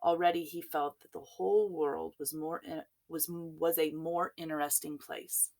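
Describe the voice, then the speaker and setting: A woman reading a children's storybook aloud in an expressive, unhurried way. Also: low voice.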